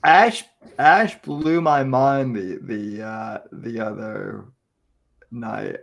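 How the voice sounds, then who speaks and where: A man's voice: medium pitch, very slow, gravelly, fairly bright tone. A man co-hosting a podcast, chatting casually and often restarting his sentences. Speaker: podcast co-host.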